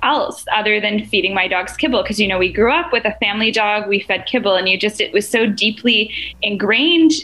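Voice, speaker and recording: A woman's voice: medium pitch, lively intonation, fairly quick, pushed and bright, poor audio. Earnest woman explaining her business. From Canada. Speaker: guest, company co-founder. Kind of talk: casual podcast interview.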